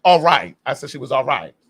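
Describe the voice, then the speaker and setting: A man's voice: mid-range voice, sing-song, normal speed, a bit bright, slightly rough. A man hosting a casual chat, sassy and strongly opinionated. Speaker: host.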